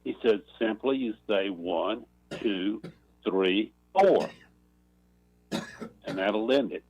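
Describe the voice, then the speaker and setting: Low-voiced rambling joke-telling caller man. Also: darkish tone, no echo, poor audio. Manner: slow rambling storyteller, clears throat. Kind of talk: telling a joke on call-in radio.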